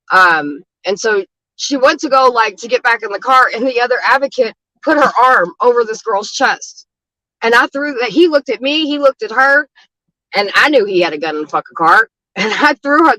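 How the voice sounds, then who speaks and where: Woman, outreach advocate, casual storytelling, blunt, swears often, bright tense tone. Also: mid-range voice, no room sound, rough recording. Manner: frank and blunt, with frequent swearing and "you know what I mean".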